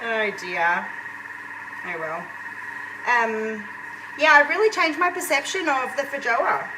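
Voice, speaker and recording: Woman, high voice, chatty live cooking demo, noisy stream. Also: slow pace, distant mic. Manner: chatty, talks to viewers while cooking. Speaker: home cook hosting a live cooking video. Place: home kitchen.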